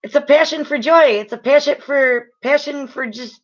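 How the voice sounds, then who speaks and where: A woman giving a casual live-stream oracle card reading, rambling with lots of fillers and restarts, and getting loud and excited as she talks. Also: high voice, moderate pace, dull audio. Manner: excitable and loud when enthused.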